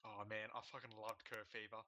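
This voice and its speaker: A man's voice: lowish voice, flat delivery, fairly quick, sharp tone, no echo, rough recording. A young man chatting casually and sarcastically while playing an online game, laughing and swearing. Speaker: gamer co-host. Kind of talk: casual gaming chat.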